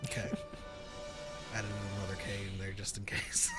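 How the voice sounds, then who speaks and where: A man co-hosting a casual chat podcast, playful and laughing often. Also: fairly low pitch. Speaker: podcast co-host.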